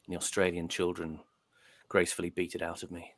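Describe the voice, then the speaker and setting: A man with a flat RP accent in a casual chat over a video call, making dry, wry remarks. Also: sits low, fast, dry recording. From England. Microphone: remote video call.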